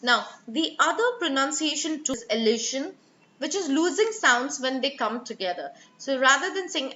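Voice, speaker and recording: Bright high-voiced woman teaching exam speaking. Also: expressive, moderate pace, echoey room, lo-fi sound. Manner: explains with spoken examples, frequent fillers and self-corrections. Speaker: IELTS speaking trainer. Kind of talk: online exam-prep lesson.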